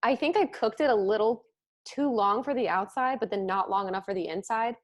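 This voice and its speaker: A woman's voice: medium pitch, fairly quick. A woman co-hosting a casual eating show, giggly and rambling, swearing offhandedly. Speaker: co-host. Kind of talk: casual chat while eating.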